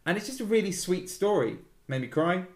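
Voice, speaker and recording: A man's voice: sits high, sing-song, darkish tone. Teasing man in an echoey room. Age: 30s. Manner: wry, teasing, quick asides. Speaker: podcast host. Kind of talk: casual film chat. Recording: roomy echo.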